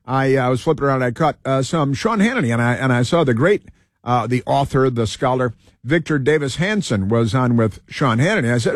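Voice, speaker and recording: A male talk show host who rambles through a heated political monologue, stumbling over fillers and restarting his sentences. His voice sits at an ordinary middle pitch. The sound is dry and close, with no room around it. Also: animated, a little fast, no room sound.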